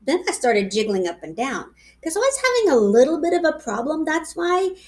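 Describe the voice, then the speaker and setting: A woman reads a children's storybook aloud, bouncing through the lines in a bright, high voice. Her pitch leaps and dips playfully as she gives the tale a childlike energy. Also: moderate pace. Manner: lively, playful child's-voice narration. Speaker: reader.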